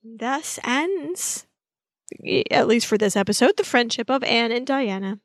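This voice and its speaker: Female recap co-host, wry and chatty, higher pitch, dry close mic. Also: unhurried, no room sound. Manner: chatty, wry, animated retelling. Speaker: podcast co-host. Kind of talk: casual recap chat.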